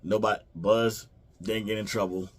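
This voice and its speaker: Man, low voice, casual movie review, rambling, lots of fillers. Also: fairly even intonation, normal speed, breathy edge. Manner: rambling, many fillers and restarts, quotes characters.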